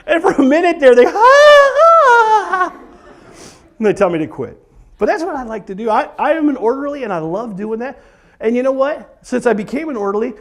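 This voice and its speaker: A man in his forties doing a comedy monologue at a church event, acting out stories with sung and screamed bits. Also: high-pitched. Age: 40s. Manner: animated storyteller, breaks into singing and screaming bits.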